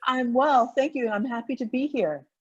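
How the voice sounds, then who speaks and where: A woman's voice: fairly high pitch, normal speed, husky, highs cut off. A woman co-hosting a live online masterclass, giving brief, polite replies. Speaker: webinar co-host.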